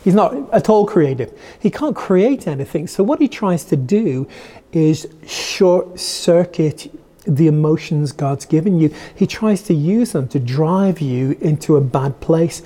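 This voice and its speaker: A man's voice: on the high side, dark tone. A man preaching a sermon as a pastor, in an earnest, conversational way with frequent restarts.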